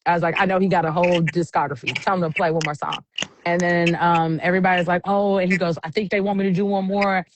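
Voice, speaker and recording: A woman's voice: fairly low pitch, fast, a little hiss or hum. A woman who works as an event MC, casually telling stories in an interview and acting out the voices of people she quotes. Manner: animated storyteller, acts out quotes. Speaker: event MC, guest.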